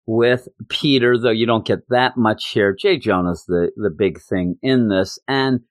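A man hosting a podcast, casually reviewing a comic book and retelling its scenes with quick quoted lines. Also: lowish voice, no room sound. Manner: animated retelling, quoting characters in quick bursts. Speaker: podcast host.

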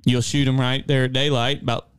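A middle-aged man, co-hosting an outdoors show and telling animated, folksy stories in casual chat. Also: mid-range voice, brisk, noisy background. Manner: folksy, animated storyteller with rural grammar. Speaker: co-host of an outdoors hunting show.

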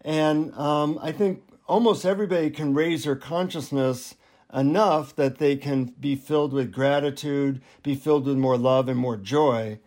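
A male author on an interview show, talking in a relaxed, anecdotal way. He pokes gentle fun at himself as he goes, and his voice sits somewhat high for a man. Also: measured pace. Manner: relaxed, self-deprecating, anecdotal. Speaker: author and guest. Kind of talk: interview storytelling.

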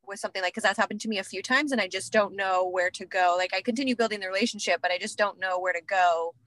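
A woman in a class asks a question, hesitant and full of fillers. Her voice is bright and sharp, recorded dry and close. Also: medium pitch, fast, no room sound, poor audio. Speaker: class participant asking a question. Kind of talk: casual question.

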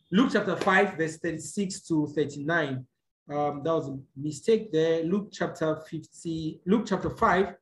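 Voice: mid-range voice, slight background noise. A preacher teaching a sermon, explaining scripture step by step, often checking in with the listeners and correcting small slips. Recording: echoey room.

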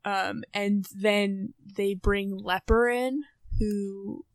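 A woman's voice: medium pitch, steady tone, drawn-out words, no echo. A young woman co-hosting a podcast, summarizing a novel in a casual, rambling way with many fillers. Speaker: podcast co-host. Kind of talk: casual book discussion.

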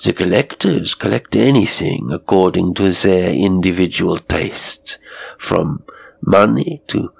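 A man voicing a suave, menacing male murderer who speaks politely, formally and with quiet mockery, with a faint foreign accent. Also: low-pitched, takes it slowly, creaky, breathy edge, exaggerated voice. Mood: urbane, mocking. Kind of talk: storytelling.

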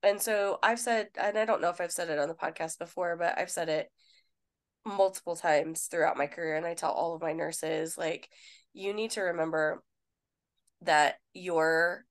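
Lower-pitched woman telling stories. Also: normal speed. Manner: animated storyteller, quotes people, swears casually. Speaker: nurse and podcast co-host. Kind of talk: casual podcast chat.

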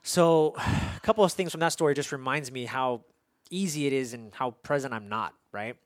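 A man hosting an interview, talking reflectively in a halting, casual way with frequent restarts. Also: medium pitch, dry recording. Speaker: podcast host. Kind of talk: conversational interview.

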